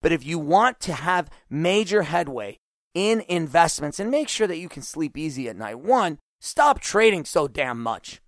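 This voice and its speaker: A middle-aged man hosting a solo podcast as a business coach, talking in an energetic, animated way. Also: a little high, measured pace, no room sound, clean studio sound. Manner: energetic, animated, acts out quoted voices.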